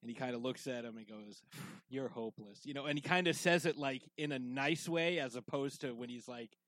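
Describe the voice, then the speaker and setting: A man's voice: mid-range voice, a little fast, fairly bright tone, dry recording, poor audio. Rambling man chatting on a podcast. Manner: rambling, full of fillers and restarts. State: drinking whiskey while talking. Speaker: podcast co-host. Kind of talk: casual podcast chat.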